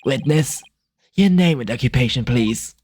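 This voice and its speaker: A man streaming a game, reading a smug, sneering male prosecutor with a drawn-out delivery. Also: mid-range voice, animated, a little mellow, husky, dry recording, studio quality. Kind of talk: casual game dialogue reading.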